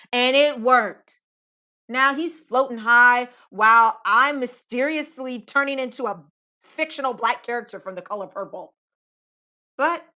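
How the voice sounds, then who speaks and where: A woman telling a comic story, with a bright, sharp voice that swings widely in pitch. She is emphatic and profane and talks straight to her listeners. Her register sits a little high. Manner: animated, emphatic, profane, addresses listeners as "y'all". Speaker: podcast storyteller. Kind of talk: comic first-person storytelling monologue.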